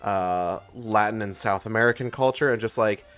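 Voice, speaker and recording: A man's voice: on the low side, moderate pace, fairly bright tone, clean tone, soft background music. A man streaming a video game, talking casually in a rambling way with lots of fillers and some swearing. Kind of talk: casual let's-play commentary.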